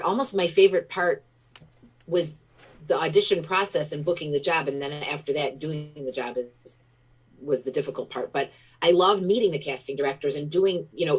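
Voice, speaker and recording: A middle-aged American woman with a notably low voice talks as an interview guest. Her manner is effusive and enthusiastic, and her stories pour out in casual chat. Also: a little mellow, slightly rough, rough recording.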